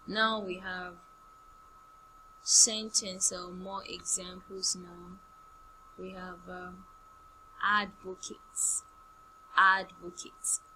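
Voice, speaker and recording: Female primary English teacher, drills vocabulary at a slow deliberate pace, faint hum on the recording. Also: mid-range voice, bright, forceful tone, poor audio. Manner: slow, drilling words by repetition with example sentences. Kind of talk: online class lesson.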